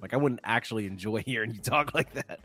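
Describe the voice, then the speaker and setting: A man hosting a podcast in casual chat with his brother, laughing often and talking in quick bursts. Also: lowish voice, pushed and bright, faint music behind. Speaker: podcast host.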